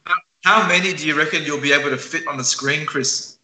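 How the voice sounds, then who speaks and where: A man co-hosting a casual online chat, talkative and quick to laugh. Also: on the high side, pushed and bright. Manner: chatty, laughs easily. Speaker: co-host. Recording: echoey room.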